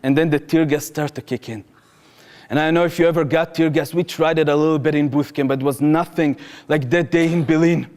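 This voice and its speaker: A man's voice: on the high side, steady tone, brisk, darkish tone. A man tells a personal story in an earnest, vivid way, with slightly phrasing. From Israel. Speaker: public speaker, former soldier. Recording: reverberant hall.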